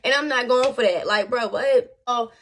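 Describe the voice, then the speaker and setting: A young woman telling a storytime on her vlog in casual slang, animated and chatty with her viewers. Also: fairly high pitch, normal speed. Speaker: vlogger.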